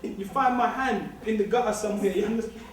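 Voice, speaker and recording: A man's voice: high-pitched, fast, slight background noise. Streetwise man in an echoey hall. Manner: streetwise, joking, emphatic repetition. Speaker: guest speaker. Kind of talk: informal lecture to a student society. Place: large lecture hall. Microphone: far room recording. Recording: distant echoey hall recording.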